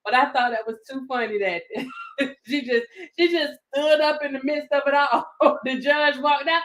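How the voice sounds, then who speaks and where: A woman's voice: high voice, moderate pace, a bit bright. A woman giving a laughing, playful casual commentary to her viewers. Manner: laughing, playful Southern-style slang. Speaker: commentary vlogger.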